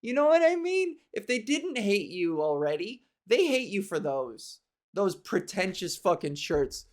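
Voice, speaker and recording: A woman's voice: medium pitch, big pitch swings, measured pace, a little mellow. A woman comedian riffing alone on her podcast in a rambling, sarcastic, profane way, laughing between tangents, recorded in her bedroom. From Canada. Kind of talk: solo comedic monologue.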